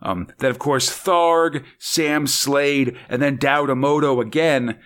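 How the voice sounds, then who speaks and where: A man's voice: medium pitch, fairly even intonation, takes it slowly, fairly bright tone. Rambling, chuckling man chatting casually. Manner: rambling, hesitant, with many fillers and chuckles. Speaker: podcast host. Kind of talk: casual comic book podcast chat.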